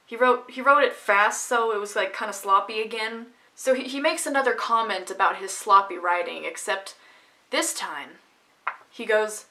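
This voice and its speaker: A woman's voice: on the high side, expressive, a little slow, bright, forceful tone. A woman vlogger telling a story from her own life in a casual, sarcastic, ranting manner.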